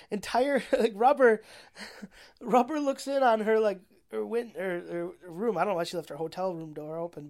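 A woman's voice: medium pitch, darkish tone. A young woman casually recapping a film, rambling and profane, with lots of fillers. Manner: rambling, profane, laughing often, many fillers.

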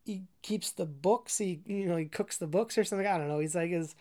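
A woman's voice: lowish voice, a little fast, warm tone. A woman ranting casually about a movie, rambling with constant "like" fillers, profanity and frequent laughs.

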